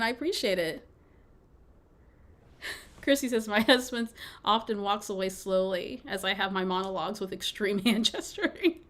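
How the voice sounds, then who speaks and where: A woman hosting a live scrapbooking stream, chatting playfully with viewers and laughing often as she works. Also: fairly high pitch. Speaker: scrapbooking livestream host. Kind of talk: casual crafting livestream chat.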